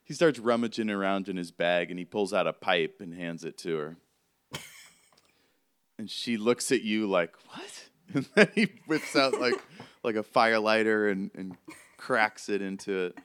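A man narrating as game master in a tabletop game, relaxed and casual with many fillers. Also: lowish voice, normal speed, clean tone, no echo.

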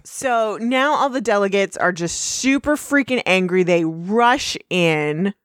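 A woman's voice: mid-range voice, expressive, slow pace, no echo, clean studio sound. Woman casually recapping an episode. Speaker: podcast co-host.

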